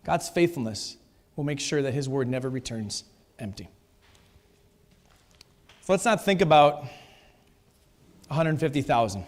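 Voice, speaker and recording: A man's voice: mid-range voice, a little mellow. A man preaching a sermon in a church, emphatic and repeating his key phrases. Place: church sanctuary. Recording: long reverb of a church hall.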